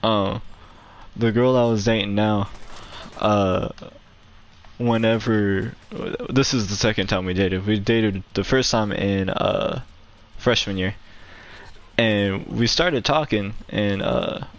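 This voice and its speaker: Rambling young man with a lowish voice. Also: takes it slowly. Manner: rambling, heavy use of "like" fillers, laughs often. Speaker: gaming channel host. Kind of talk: casual storytelling.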